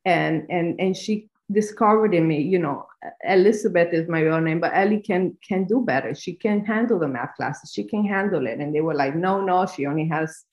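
A woman with a Spanish accent, Spanish her first language, telling her life story as an interview guest, reflective and halting, often restarting. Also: lowish voice, darkish tone, roomy sound. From Spanish-speaking country. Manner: reflective, many restarts and fillers. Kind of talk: personal storytelling.

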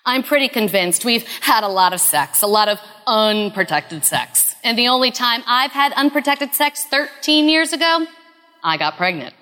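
Woman in her 30s, earnest storyteller, hushed confessional delivery, long reverb. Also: fairly high pitch, animated, normal speed. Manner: earnest, confessional, often dropping to a hush. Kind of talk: live personal storytelling.

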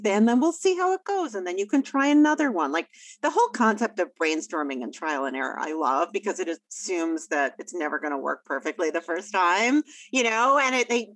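A woman coaching a parent, explaining calmly and often checking in with "right?" and "you know?". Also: mid-range voice, no room sound, poor audio. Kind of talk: advice conversation.

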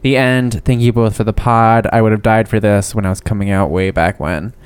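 A man co-hosting a podcast in casual chat, reading listener letters and an ad, animated and playful, laughing often. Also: fairly low pitch, brisk, clear, resonant tone. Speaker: podcast co-host.

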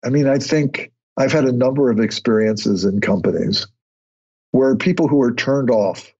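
A man, a guest on an interview podcast, telling stories in a conversational way and getting animated when he acts out other people. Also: medium pitch, normal speed. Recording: husky voice, dull lo-fi audio.

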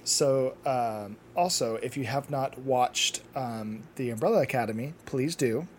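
A man's voice: mid-range voice, unhurried, a little hiss or hum. A man co-hosting a podcast in casual chat, enthusiastic and full of "like" fillers. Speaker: podcast co-host.

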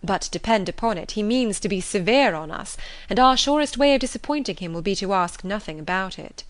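A woman's voice: mid-range voice, animated, brisk, dry recording, lightly acted. A woman reading a witty, teasing young woman.

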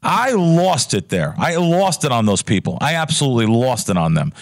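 A man's voice: medium pitch, very animated, normal speed. A man who is a professional sports bettor, telling a story on a podcast in a heated, emotional way with stammering restarts. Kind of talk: casual podcast chat.

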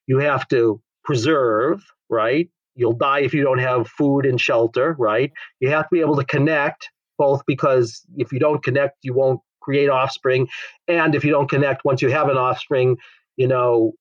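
A man's voice: medium pitch, fairly even intonation, moderate pace, no room sound, muffled recording. A man who teaches the Enneagram in frank, emphatic conversation, swearing now and then.

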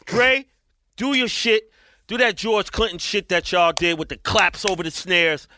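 A man's voice: sits high, a little slow, sharp tone, slight background noise. A man in casual podcast chat, emphatic and profane.

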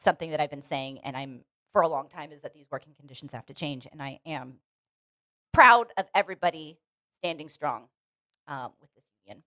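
A woman's voice: low voice, brisk, bright, forceful tone, no echo. A woman co-hosting a casual podcast chat, earnest and opinionated, restarting her sentences often. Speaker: podcast co-host. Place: Los Angeles.

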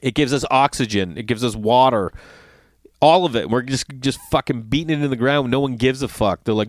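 A man's voice: medium pitch, fairly quick, no echo. A middle-aged man telling a story in a casual monologue, ranting and swearing as he goes. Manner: profane, ranting, animated storytelling.

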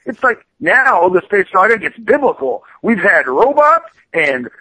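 Man, high voice, comic book artist, rambling and animated, swears casually, dry recording. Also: measured pace, breathy edge, dry recording, poor audio. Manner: rambling, animated, profane storytelling. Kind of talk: casual podcast chat.

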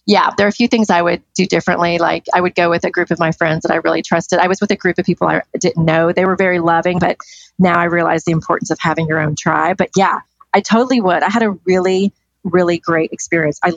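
A woman's voice: fairly low pitch, fairly even intonation, fast talker, vocal fry, no room sound, lo-fi sound. A middle-aged woman chatting as a podcast guest, telling stories in an enthusiastic, free-flowing way. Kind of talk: casual interview chat.

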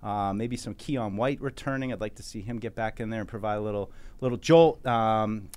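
A man's voice: lowish voice, brisk, darkish tone. A man hosting a casual sports talk show, loose and jokey, rambling a little as he sets up the day. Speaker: fill-in host.

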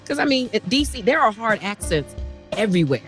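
A woman's voice: on the high side, sing-song, a little fast, soft background music. A woman from Washington, D.C., chatting casually, joking and mimicking accents. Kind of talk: casual chat.

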